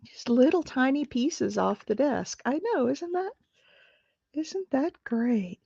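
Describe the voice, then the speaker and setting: A woman's voice: high-pitched, expressive, slow, creaky, mellow, breathy edge, no echo, muffled recording. A middle-aged woman telling a story while she crafts on a livestream, chatty and rambling with lots of fillers and asides.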